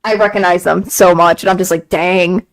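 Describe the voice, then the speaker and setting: A woman streaming a game and chatting casually, gushing excitedly, repeating herself and laughing often. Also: fairly low pitch, normal speed, rough recording. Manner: excited gushing fan talk, frequent laughs and repeated phrases. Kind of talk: casual chat on a live stream.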